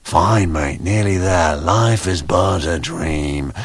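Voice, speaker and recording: A man voicing an easygoing young male technician with a relaxed, low drawl. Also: a little slow, slightly rough, dry recording, full character voice. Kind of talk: audiobook character voice.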